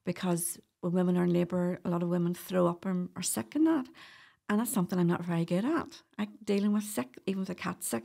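Talking quickly in a fairly low, creaky voice with a darkish tone, a middle-aged woman from Northern Ireland guests on a casual podcast. The doula is chatty and storytelling, with frequent laughter.

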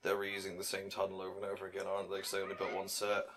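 A man's voice: deep voice, completely flat delivery, racing, background noise. A young man co-hosting a casual film commentary, blunt and sardonic, with frequent swearing. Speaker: podcast co-host.

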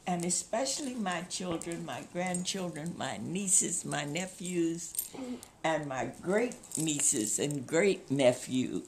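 A woman in her late eighties giving a slow, emotional thank-you speech to her family. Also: sits low, lively intonation, a little mellow. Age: 80s. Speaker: grandmother being honored. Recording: home camcorder, some noise.

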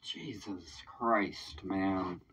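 A man hosting a casual reaction video, excitable, swearing freely and leaning on "like" as he thinks aloud. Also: sits low, extremely slow, a little hiss or hum. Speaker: reaction video host, independent artist. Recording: dull sound, slightly distant mic.

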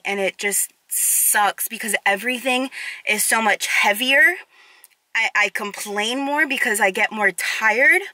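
A woman's voice: mid-range voice, sharp tone, no room sound, poor audio. A tired young woman vlogging candidly about her struggles, rambling and emotional with many filler words. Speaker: fitness vlogger. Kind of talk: candid confessional vlog.

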